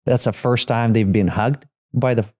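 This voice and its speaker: A man's voice: mid-range voice, steady tone, moderate pace, a little mellow. Rambling middle-aged man telling a story. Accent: Russian. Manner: rambling, many fillers and restarts. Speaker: guest, father of three. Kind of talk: casual storytelling in a podcast conversation.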